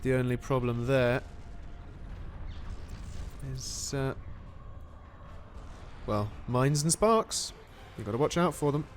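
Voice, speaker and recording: A man giving excitable, animated play-by-play commentary on a strategy game. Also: mid-range voice, takes it slowly, pauses often, slight background noise.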